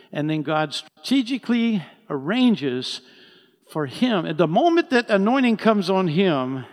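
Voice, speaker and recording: A male pastor preaching a sermon, telling a story with lively acted-out dialogue. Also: on the high side, in a large hall. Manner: animated storytelling, acts out the characters' lines.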